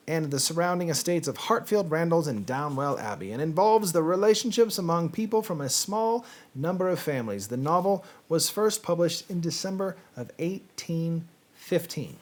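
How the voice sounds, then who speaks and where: A man hosting a casual reading show, chatting to camera in a rambling, hesitant way with many fillers and quiet asides. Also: a little high. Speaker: host.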